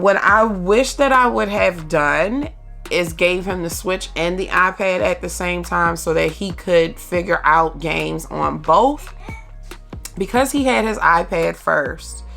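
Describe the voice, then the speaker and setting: A mother shares her feelings in a candid vlog, her words coming slowly and haltingly with many ums. Her voice sits a little low and carries a gravelly fry. Faint music plays behind her. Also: a bit bright. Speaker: mother vlogger.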